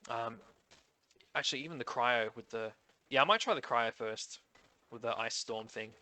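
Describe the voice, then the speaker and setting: Australian man, nasal, bright forceful tone, casual gaming commentator. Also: medium pitch, normal speed, no echo. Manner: chatty, rambling, thinks aloud. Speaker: gaming YouTuber. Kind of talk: casual commentary on update notes.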